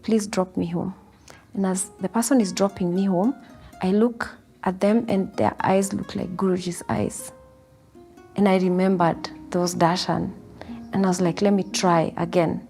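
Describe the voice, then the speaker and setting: A woman telling a personal spiritual testimony, earnest and storytelling, acting out her own past words. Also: medium pitch. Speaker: devotee sharing testimony. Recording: soft guitar music underneath.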